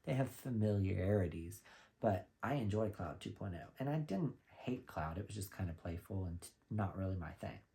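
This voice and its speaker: A young man reviewing perfumes in a casual, blunt and animated way, cursing freely. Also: low-pitched, moderate pace, creaky. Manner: opinionated, blunt and animated, with swearing and laughs. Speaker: fragrance reviewer.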